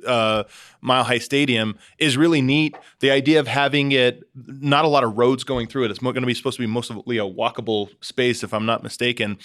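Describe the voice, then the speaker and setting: A man, a guest on a talk show, giving his opinions with clear enthusiasm. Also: medium pitch, fairly bright tone.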